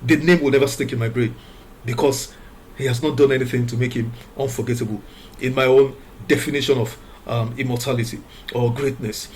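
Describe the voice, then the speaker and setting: Man, from Nigeria, moral commentary, preachy, emphatic, repeats key words, rhetorical questions, mid-pitched voice. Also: fairly even intonation, a little mellow, a little hiss or hum. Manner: reads scripture aloud in a measured way.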